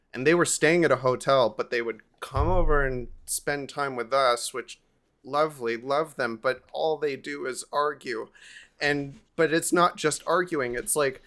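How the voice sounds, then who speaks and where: A man hosting a podcast, telling a family holiday story in a casual, animated way. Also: mid-range voice. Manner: animated, lively anecdote telling with swearing. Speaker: podcast host.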